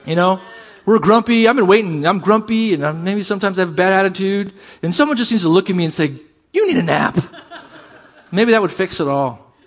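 A middle-aged man preaching a sermon as pastor, animated and shifting between loud emphasis and quiet asides. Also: high voice, fast talker.

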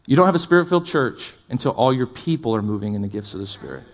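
A male pastor preaching a sermon, impassioned, with loud emphatic build-ups, quieter asides and jokes for the congregation. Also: medium pitch, animated, fast talker.

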